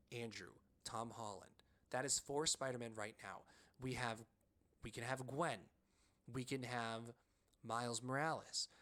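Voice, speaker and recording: Animated, excitable male podcast storyteller. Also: medium pitch. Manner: frequent "like" fillers. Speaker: podcast co-host. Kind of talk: casual storytelling chat.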